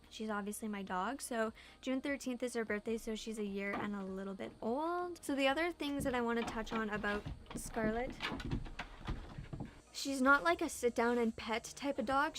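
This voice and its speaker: A young woman chatting casually in a home vlog, answering viewer questions and saying "like" a lot. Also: fairly high pitch. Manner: chatty, heavy use of "like". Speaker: vlogger. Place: home room.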